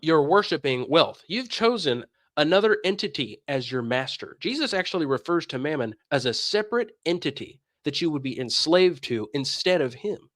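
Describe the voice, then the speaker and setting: A man delivers heated religious commentary and hammers his points home with pointed rhetorical questions. His fairly high voice swings up and down constantly. The sound is dry and close, with no room echo. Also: lively intonation, normal speed, few pauses, a bit bright. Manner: combative, emphatic, fires rhetorical questions. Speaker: streamer and commentator.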